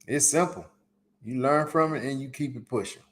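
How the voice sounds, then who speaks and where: A man's voice: medium pitch, normal speed, fairly bright tone. A man hosting a solo live podcast, giving emphatic, repetitive advice in casual slang. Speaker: podcast host. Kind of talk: solo live-stream commentary.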